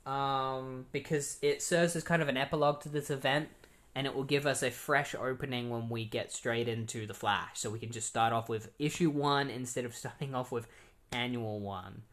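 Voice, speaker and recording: A man casually retelling a comic book story as a podcast host, rambling with many fillers and quick quoted asides. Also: mid-range voice, fairly even intonation, fairly bright tone.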